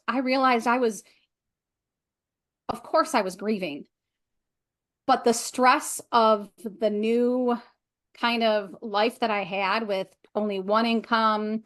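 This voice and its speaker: Measured middle-aged woman recounting her story. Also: on the high side. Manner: measured and reflective, with frequent ums. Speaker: guest, clinical therapist and coach. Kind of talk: interview answer, personal story.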